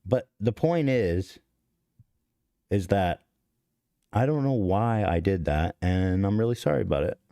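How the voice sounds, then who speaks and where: A man's voice: sits low, animated, unhurried, vocal fry, pauses often, mellow, dry recording, clean studio sound. A man in his thirties hosting a podcast, telling a story in a rambling, profane, self-interrupting way. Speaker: podcast host. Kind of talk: casual confessional storytelling.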